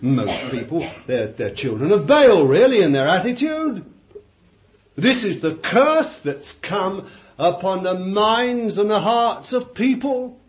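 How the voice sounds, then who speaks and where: A man preaching a sermon, fervent, repeating his phrases and calling his listeners beloved. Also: a little high. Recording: dull lo-fi recording.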